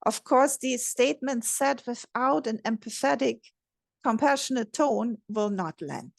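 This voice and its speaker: Gentle woman coach, gravelly edge. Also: a little high, dry recording, studio quality. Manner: gentle, measured, modelling empathetic phrases. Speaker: relationship coach. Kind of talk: scripted instructional talk.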